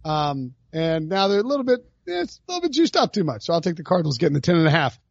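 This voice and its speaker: A man's voice: on the high side, wildly swooping pitch, fast talker, gravelly, dry recording, lo-fi sound. A man hosting a sports betting podcast, talking in an emphatic, ranting, hyperbolic way. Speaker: podcast host.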